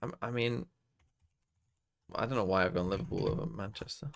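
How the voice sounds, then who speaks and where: A man's voice: lowish voice, brisk, creaky. A young man streaming live, muttering and swearing his way through geography quiz guesses. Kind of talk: casual live-stream commentary while playing quiz games.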